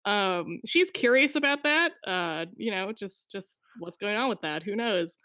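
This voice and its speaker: A woman's voice: medium pitch, lively intonation, measured pace, bright, forceful tone, no echo, lo-fi sound. A woman player in a tabletop game chatting casually about her character, rambling with restarts and laughing often.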